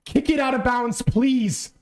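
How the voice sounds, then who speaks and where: A man reacting live to a football match, excitable and pleading, swearing often, in a fan watch-along. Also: extremely high pitch, measured pace. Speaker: fan streamer.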